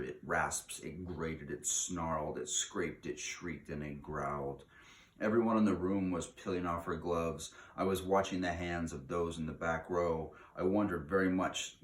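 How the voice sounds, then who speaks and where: Deep-voiced man reading a story aloud. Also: a little hiss or hum. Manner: expressive, with slowed dramatic emphasis. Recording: echoey room.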